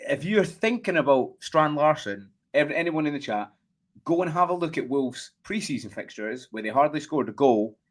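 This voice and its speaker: Scottish man, animated casual football chat. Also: fairly high pitch, normal speed. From Scotland. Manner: animated, repeats "do you know what I mean". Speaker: podcast host.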